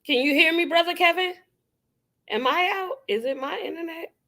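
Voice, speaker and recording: A woman hosting a casual livestream chat, affirming the others and quick to agree. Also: very high voice, sharp tone. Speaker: livestream host.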